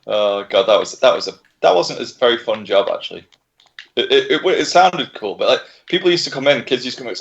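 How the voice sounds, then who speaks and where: A man's voice: mid-range voice, quick pace, gravelly. A man in his thirties chatting casually while co-hosting a game livestream, swearing freely and laughing as he tells stories. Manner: animated storyteller, laughs often, swears. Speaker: livestream co-host. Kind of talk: casual gaming chat. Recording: muffled lo-fi audio.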